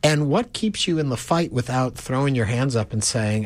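A man's voice: mid-range voice, animated, moderate pace, few pauses, dry recording. A man hosting a talk show, speaking earnestly and musing at length in long run-on points. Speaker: host. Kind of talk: reflective talk-show discussion.

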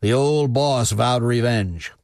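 A man delivering scripted documentary narration in a measured, even way. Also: mid-range voice, dry recording, clean studio sound.

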